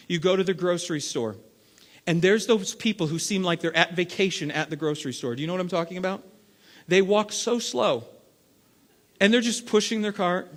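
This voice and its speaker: A man preaching a sermon as lead pastor, acting out everyday scenes and swinging between loud bursts and hushed stretches. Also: a little high. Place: church sanctuary. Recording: long reverb of a large hall.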